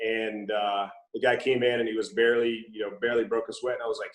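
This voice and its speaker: A middle-aged man from Mississippi with a faint Southern accent, a former Navy SEAL telling stories in a relaxed way with many fillers during an interview. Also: on the low side, moderate pace, echoey room, rough recording. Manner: relaxed storytelling with frequent fillers. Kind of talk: casual interview conversation.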